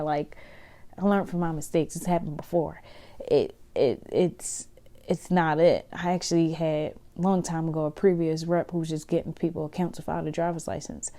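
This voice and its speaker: A woman's voice: low voice, fairly even intonation, moderate pace, warm tone. A woman hosting her own podcast, chatting casually and laughing often. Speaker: podcast host. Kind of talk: casual solo podcast monologue.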